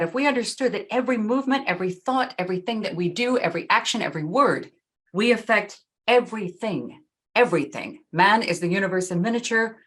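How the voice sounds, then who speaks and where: A middle-aged woman giving a talk in an earnest, emphatic way, slowing down to stress key phrases. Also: medium pitch, a bit bright. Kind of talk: talk with slides.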